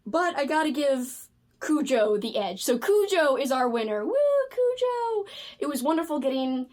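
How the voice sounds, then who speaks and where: A woman from the United States chatting casually about books, animated and gushing, with frequent fillers. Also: high-pitched, normal speed. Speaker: book video creator. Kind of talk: casual chat.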